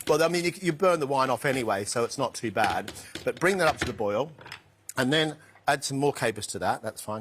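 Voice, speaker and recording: A middle-aged man, a chef, chatting relaxed while he cooks a dish live in a TV studio kitchen. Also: mid-range voice, a little fast, slight background noise. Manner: chatty, relaxed, talks to the pan. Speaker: guest chef. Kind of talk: cooking demonstration on TV.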